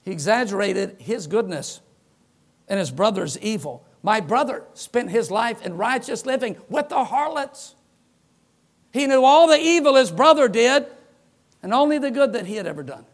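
A middle-aged man preaching a sermon as pastor, telling stories in an animated way and acting out the voices of the people he quotes. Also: high voice, moderate pace. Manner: animated storyteller who acts out quoted voices.

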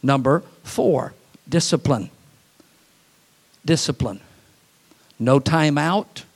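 A man preaching a sermon, telling folksy, humorous stories and laughing at them, swinging from animated to quiet and soft for emphasis. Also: on the high side, slow pace. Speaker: pastor.

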